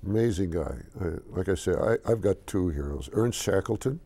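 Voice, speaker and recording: A low, gravelly older man tells a long story in a TV interview. His voice is dark and mellow. He stumbles and restarts, then acts out the voices of the people in it. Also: normal speed. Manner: animated storyteller, hesitant with restarts. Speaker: interview guest, company chairman.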